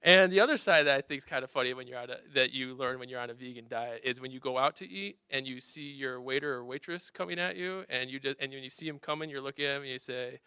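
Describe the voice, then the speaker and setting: A man's voice: mid-range voice, quick pace, few pauses, pushed and bright, clean tone, no room sound. A man telling a personal story to a live audience in a chatty, self-deprecating way, often restarting his sentences. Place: campus lounge storytelling event.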